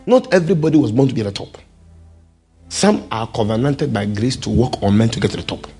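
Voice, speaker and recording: Male preacher, gravelly and husky, lively sermon delivery. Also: mid-range voice, a little fast, faint music behind. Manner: animated, calls out to the congregation.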